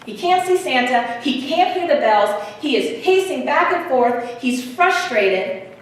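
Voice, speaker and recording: A woman guest speaker telling a story in a sermon, animated and swinging from loud to hushed, recorded far off in an echoey theater hall. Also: high-pitched, measured pace. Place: theater hall at a church service.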